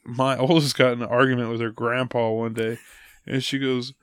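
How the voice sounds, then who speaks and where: A man's voice: mid-range voice, little pitch movement, normal speed, fairly bright tone. A man in his thirties in casual chat, telling funny stories about his kids and laughing often.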